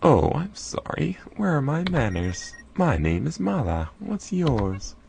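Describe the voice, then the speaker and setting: A man putting on a high voice for a cheerful young cave-dwelling woman while reading game dialogue. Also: sing-song, slow pace, creaky, darkish tone, a little hiss or hum, full character voice. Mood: bubbly. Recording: faint game music behind.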